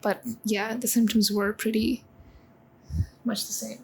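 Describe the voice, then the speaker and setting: A woman in her twenties talking in a confessional vlog, halting with many pauses and close to tears. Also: on the high side, little pitch movement, creaky, breathy edge, rough recording. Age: 20s. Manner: halting, full of pauses and restarts. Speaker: vlogger.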